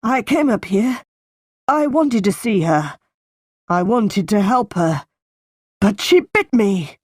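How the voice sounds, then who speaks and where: A woman reading the part of a wounded man in a storybook, pleading and plaintive, a little higher than her own voice. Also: expressive, slow pace, darkish tone, no echo, clean studio sound.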